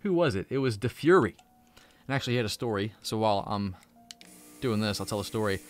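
A male host of a live stream, laid-back and quick to react with exclamations as he chats with callers. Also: on the low side, animated, faint music behind. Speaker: show host.

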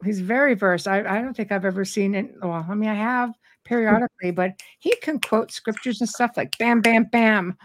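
A middle-aged woman hosting a live talk show, speaking in a robust, animated way from years of public speaking. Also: medium pitch, moderate pace, hardly any pauses, slight background noise. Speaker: host. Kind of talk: casual chat.

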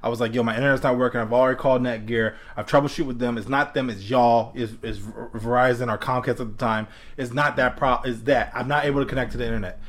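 A young man casually telling a story, acting out both sides of a phone call, animated and laughing often. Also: medium pitch, fast, few pauses.

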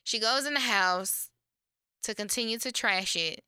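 A woman's voice: on the high side, measured pace, clear, resonant tone, no echo, studio quality. A woman co-hosting a podcast, recapping reality TV in casual chat, swearing freely and acting out quotes. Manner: animated storytelling, acts out quotes, swears freely. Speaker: podcast co-host.

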